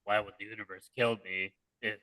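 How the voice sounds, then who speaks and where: A man's voice: fairly low pitch, flat delivery, brisk, sharp tone, no room sound, rough recording. A man playing a tabletop game, joking around in character. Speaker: player.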